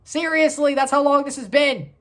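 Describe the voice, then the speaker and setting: Excitable woman rambling about sports. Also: sits high, normal speed. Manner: excitable, rambling, talks to herself. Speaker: sports channel host. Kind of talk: casual sports review vlog.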